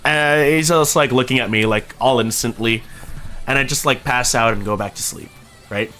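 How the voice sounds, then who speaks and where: A young man from Canada casually telling a story to his stream chat, swearing now and then and acting out quotes. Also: moderate pace. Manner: animated, swears casually, acts out quotes with big pitch jumps.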